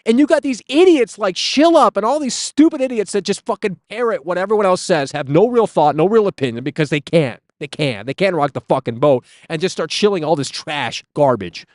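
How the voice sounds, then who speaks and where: A man's voice: sits high, animated, brisk, few pauses, no echo, clean studio sound. A man hosting a casual live stream outdoors on his phone, ranting and swearing as he answers chat. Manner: ranting, profane, reading chat aloud.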